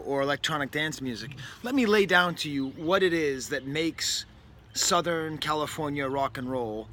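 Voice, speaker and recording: A man from New England talks through a record review in a loose, rambling way, breaking off for wry asides and correcting himself mid-sentence. His voice is bright and slightly raised in pitch. A faint hiss of noise sits under the recording. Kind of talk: casual spoken record review. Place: indoors near a window, with a bird outside.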